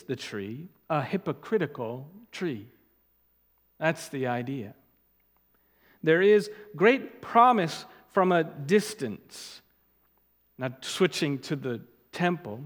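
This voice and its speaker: A man preaching an expository sermon, stressing key words loudly and dropping to quiet asides. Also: a little high. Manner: emphatic, deliberate, swings from loud stresses to quiet asides. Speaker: pastor. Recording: long hall reverb.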